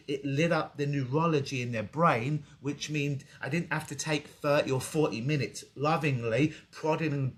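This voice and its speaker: A man with an English accent, a clinical hypnotist talking casually in an interview over a video call, vivid and joking, with the odd swear word. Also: mid-range voice. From England.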